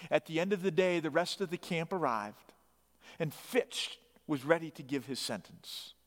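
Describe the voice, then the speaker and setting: A man's voice: a little high, animated, normal speed. A man preaching, telling a story dramatically with emphatic rising bursts. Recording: long hall reverb.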